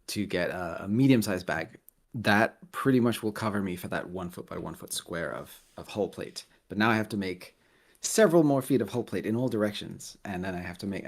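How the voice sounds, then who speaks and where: Laughing, rambling man on a call. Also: on the low side. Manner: laughs often, rambling and self-correcting. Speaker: guest, Lego builder. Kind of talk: casual interview chat.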